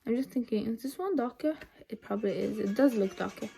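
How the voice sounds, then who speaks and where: A woman's voice: fairly high pitch, quick pace, vocal fry, warm tone, faint music behind. Chatty young woman doing a makeup tutorial. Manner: chatty, rambling, many ums and asides. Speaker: makeup vlogger. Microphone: phone camera set low.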